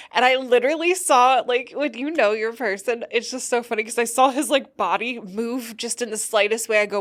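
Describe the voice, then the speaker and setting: A woman's voice: fairly high pitch, brisk, hardly any pauses. A tired, loopy woman hosting a casual solo podcast, rambling and laughing often as she tells a story. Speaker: podcast host.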